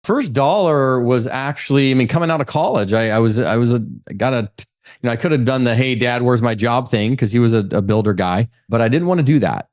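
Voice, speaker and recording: A man's voice: on the low side, a little mellow. A man talking energetically as a guest on an interview podcast, with frequent restarts. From California. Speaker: guest, real estate investor. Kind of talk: casual interview.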